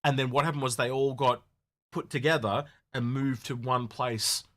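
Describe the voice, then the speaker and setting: A man co-hosting a casual podcast, rambling and animated with many restarts. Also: medium pitch, moderate pace. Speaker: podcast co-host. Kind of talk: casual chat.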